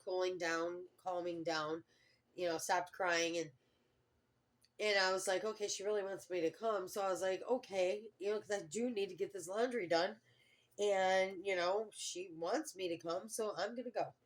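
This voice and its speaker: A middle-aged woman vlogging in a rambling, casual storytelling way, full of fillers and restarts. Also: mid-range voice.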